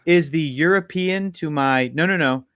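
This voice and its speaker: A man's voice: fairly high pitch, normal speed, a bit bright, smooth, no echo, clean studio sound. A man hosting a podcast in casual comedic chat, playful, laughing often and rambling through restarts. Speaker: podcast co-host.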